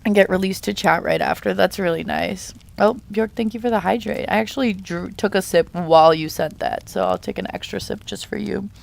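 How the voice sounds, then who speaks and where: A young woman talks to her live-stream chat while drawing. Her voice sits at an ordinary middle pitch, and her manner is playful and chatty. She reads viewers' messages aloud and answers them. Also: brisk, gravelly, hardly any pauses. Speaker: art streamer.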